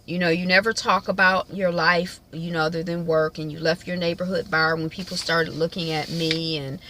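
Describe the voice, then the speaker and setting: A woman's voice: lowish voice, flat delivery, moderate pace, sharp tone. A woman voicing a suspicious young woman who rambles as she confronts her lover. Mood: accusing.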